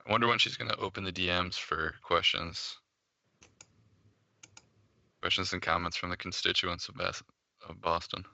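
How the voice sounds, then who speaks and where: A man co-hosting a casual podcast, deadpan and sardonic. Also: sits low, moderate pace, creaky, long pauses, dry recording, dull audio. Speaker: podcast co-host.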